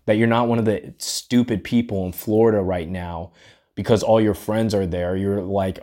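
A man with a low-set, warm and mellow voice delivers a reflective solo podcast monologue. His manner is earnest and musing, and he keeps nudging the listener with "right?". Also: fairly even intonation, moderate pace. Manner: earnest, musing, often tags lines with "right?". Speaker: podcast host.

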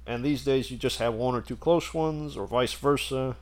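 A man's voice: mid-range voice, normal speed. A man telling a story in casual chat, rambling and laughing as he goes.

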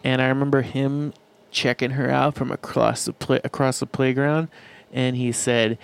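A man's voice: mid-range voice, level tone, normal speed, vocal fry, clear, resonant tone. A man co-hosting a casual comedy podcast, riffing goofily and breaking into sung nonsense and silly voices. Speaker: podcast co-host. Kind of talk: casual improvised comedy chat.

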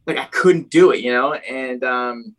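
A man's voice: mid-range voice, measured pace, a bit bright, low-quality recording. A man from New Jersey telling his life story in a casual, rambling way, packed with "like" and "you know".

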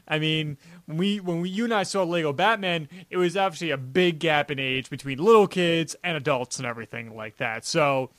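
Speaking a little fast with few pauses, this young New York podcast co-host has a fairly bright voice on the high side, and the recording is dry. He rambles through the casual chat, restarting often and leaning on "like."

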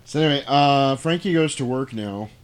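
A man's voice: medium pitch, moderate pace, clear, resonant tone. A man co-hosting a podcast, loosely retelling a film plot in casual, profane chat. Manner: loose, profane storytelling with laughs. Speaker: podcast co-host recapping a film.

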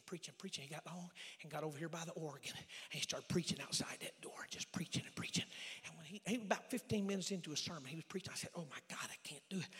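A middle-aged evangelist telling a personal testimony in a sermon, dropping to near-whispers and then building to shouting. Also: male voice, fairly high pitch. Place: large church sanctuary. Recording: long hall reverb.

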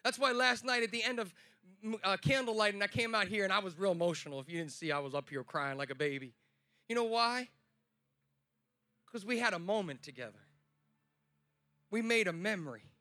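A young man giving a sermon on a festival stage, telling stories and building to loud, emphatic preaching. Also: high-pitched, a little fast, long pauses, no echo. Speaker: speaker at a Christian festival.

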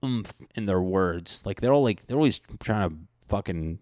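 A man's voice: fairly low pitch, animated, normal speed, darkish tone, dry recording, clean studio sound. A man in his thirties in casual comedic chat, rambling and swearing, often acting out mock dialogue.

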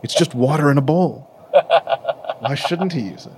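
A man co-hosting a podcast in casual chat, joking in a dry, deadpan way. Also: a little high, moderate pace, a little hiss or hum. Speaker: podcast co-host.

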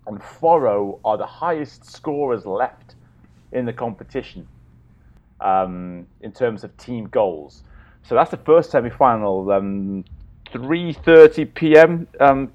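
A man's voice: mid-range voice, lively intonation, takes it slowly, a little mellow. A man, chatting casually as a podcast co-host in an easygoing way. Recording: dull lo-fi sound.

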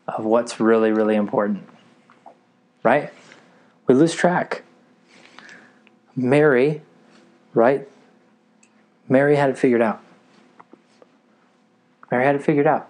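An eager man preaching a sermon to a gathered group. He keeps pausing to ask whether his listeners are with him. His voice sits at an ordinary male pitch. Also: darkish tone. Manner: eager, keeps checking in with the audience.

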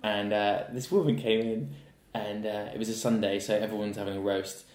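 Rambling man with a lowish voice. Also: steady tone, fairly quick, a little mellow. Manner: rambling anecdotes full of fillers and restarts. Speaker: guest, actor. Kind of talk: casual podcast chat. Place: indoor room. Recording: roomy echo.

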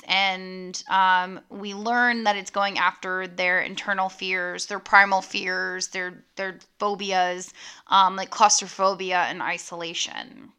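A woman's voice: medium pitch, sharp tone, smooth. A young woman casually recapping a horror movie to her viewers, with lots of ums and likes and the odd swear word. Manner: talks straight to her viewers.

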